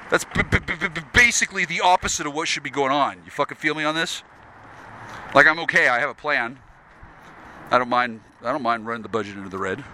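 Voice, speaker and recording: A man's voice: medium pitch, sharp tone, slight background noise, rough recording. An American man in a profane, rambling rant. He sounds agitated, swears constantly and stumbles over restarts. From United States.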